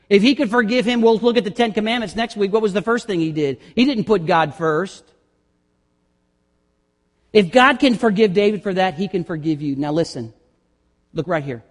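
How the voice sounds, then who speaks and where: A male pastor preaching a sermon, reading scripture slowly and building to loud, impassioned climaxes. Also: sits high. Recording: long reverb of a sanctuary.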